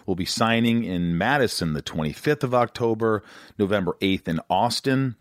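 Brief: male podcast host, 40s, very low voice, dry close sound, energetic and rambling. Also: moderate pace, no room sound. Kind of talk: casual interview chat.

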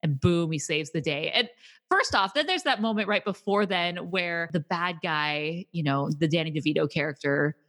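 Woman podcast co-host, lower pitch, animated storyteller recapping a film. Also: normal speed. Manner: animated retelling with laughter. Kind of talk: casual movie discussion.

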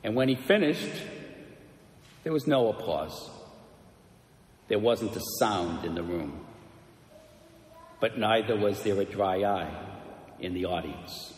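Guy preaching a sermon real slow and measured, middle voice, big echoey church sound. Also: lowish voice, animated. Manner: slow, measured storytelling delivery. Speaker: priest. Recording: echoey church with long reverb.

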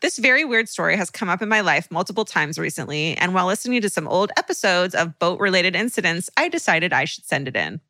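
A woman co-hosting a podcast in casual chat, animated and exclamatory as she reacts and reads a listener letter. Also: on the low side, fast, hardly any pauses, no room sound. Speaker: podcast co-host.

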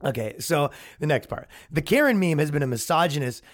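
A podcast host talking in a sarcastic, mocking way, delivering comedic commentary. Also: male voice, fairly high pitch, sing-song, fairly quick.

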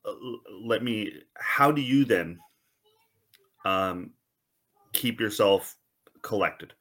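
A man in his thirties hosts an interview in a very low, bright-toned voice. He jokes easily and stumbles his way into questions. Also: expressive. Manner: joking, halting questions. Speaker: podcast host. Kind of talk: interview conversation.

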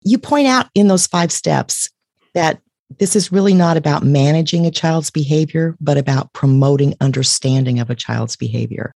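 Low, mellow female podcast host with careful, considered questions, dry close sound. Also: moderate pace, gravelly, dry recording. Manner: thoughtful, asks long careful questions. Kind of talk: interview questions.

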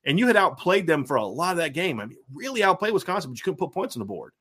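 Man, Southern American accent, podcast host, very quick delivery, animated, lots of fillers, casual sports chat. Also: a little high, breathy edge. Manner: fast, animated, frequent fillers and restarts.

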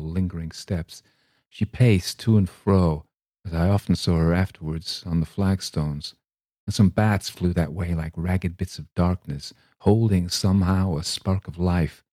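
A man reading a classic short story aloud in measured, scripted narration. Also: low-pitched, dark tone, no room sound, studio quality. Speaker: story reader.

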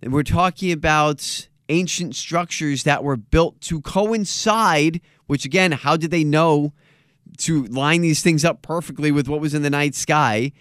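A man's voice: fairly high pitch, a little slow, a bit bright, clear, resonant tone, no echo, clean studio sound. A man hosting a podcast in casual chat, joking and stressing his points with emphasis. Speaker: podcast host.

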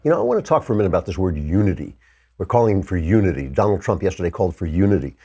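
A man hosting a political commentary show, delivering an animated, indignant monologue with sarcastic asides. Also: low-pitched, very fast, husky. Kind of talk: opinionated monologue.

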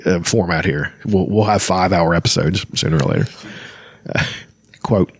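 On his podcast, a man reads from a novel in a low, slightly rough voice at normal speed, and the recording is dry. He drifts into casual asides and keeps correcting himself along the way.

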